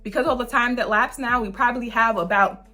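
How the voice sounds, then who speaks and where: A woman's voice: a little high, fairly quick, pushed and bright, faint music behind. A middle-aged mother telling a travel story in a casual, chatty way, sometimes acting out the people she quotes.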